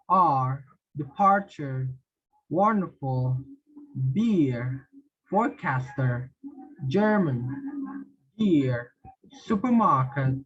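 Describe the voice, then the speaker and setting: A man leads a pronunciation drill at a very unhurried pace. He reads words one by one and stumbles through explanations, repeating phrases with fillers. The lo-fi recording sounds dull and muffled. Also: fairly high pitch, slightly rough. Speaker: English pronunciation teacher. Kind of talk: slow word-list drill and explanation.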